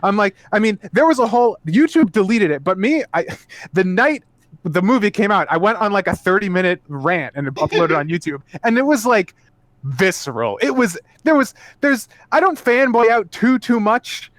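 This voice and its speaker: A high-voiced man rants profanely in a sing-song, slightly bright voice at a moderate pace, in a dry recording. He's a podcast co-host having a casual chat.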